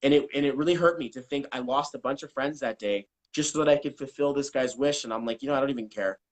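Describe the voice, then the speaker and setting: A man speaking as a numerology coach in a casual live-stream interview, talking in an animated way, cursing and acting out what people said. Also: mid-range voice, fast, low-quality recording. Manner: animated, swears, acts out quotes. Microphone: video call.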